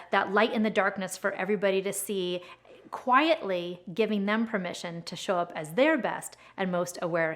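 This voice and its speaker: Earnest woman giving a self-help talk. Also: mid-range voice. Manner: earnest, encouraging, reflective.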